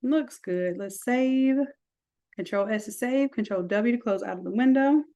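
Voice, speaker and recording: A woman walking through a software design tutorial, chatty, with folksy asides. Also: on the high side, moderate pace. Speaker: design instructor. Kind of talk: screen-recorded software tutorial.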